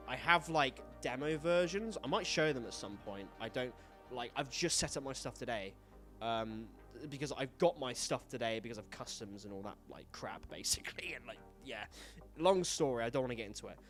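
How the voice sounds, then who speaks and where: A man's voice: medium pitch, animated, normal speed, fairly bright tone, faint music behind. A man talking casually and frankly as host, swearing often and rambling through stories with lots of fillers. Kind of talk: casual solo chat, rambling storytelling.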